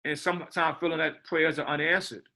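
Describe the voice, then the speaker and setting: A man's voice: a little high, level tone, fairly quick, bright, forceful tone. A man, a film director, talking casually in an interview, rambling with many repeated words and asides. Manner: rambling, repeats words, says "you know what I mean".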